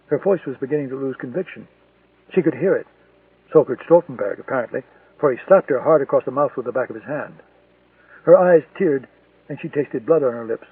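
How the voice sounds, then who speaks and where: A man narrating a thriller audiobook in a steady, measured storytelling manner. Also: mid-range voice, breathy edge, no echo. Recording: tinny, distant, dry lo-fi recording.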